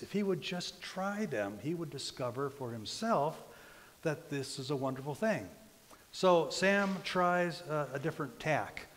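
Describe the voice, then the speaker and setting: A man preaching a sermon as pastor, telling a story in a relaxed, conversational way with frequent fillers. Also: a little high. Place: church. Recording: reverberant church hall.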